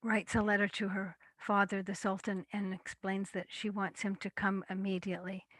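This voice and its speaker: A woman storyteller telling a folktale in a measured, deliberate way. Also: medium pitch, flat delivery, fairly bright tone, no room sound.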